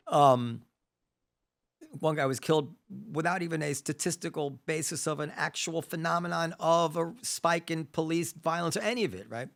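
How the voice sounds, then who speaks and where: A man hosting a casual conversational interview, animated, thinking aloud with frequent restarts. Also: a little high, vocal fry. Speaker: podcast host. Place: New York.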